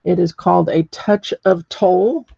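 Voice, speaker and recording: Gravelly, husky woman teaching painting. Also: on the low side, measured pace, warm tone, dry recording, lo-fi sound. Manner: chatty, thinks aloud while working, many ums. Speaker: ceramics painting instructor. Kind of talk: live painting demonstration.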